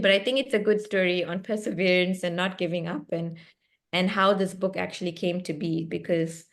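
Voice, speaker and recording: A young woman from South Africa with a South African accent, an author animatedly telling a story on a video call, laughing often and restarting her sentences. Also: lowish voice. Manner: animated, laughing, lively and expressive, with self-interruptions. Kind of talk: storytelling in a book club chat. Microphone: computer mic on a video call.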